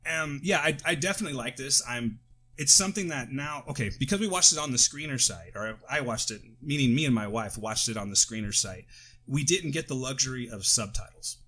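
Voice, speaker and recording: A man's voice: mid-range voice, fairly quick, pushed and bright. An American man talking loosely on a podcast, drifting into tangents and correcting himself as he goes. He sits close to the mic, and now and then he coughs. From United States. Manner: rambling, with tangents and self-corrections. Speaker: podcast co-host. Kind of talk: casual chat.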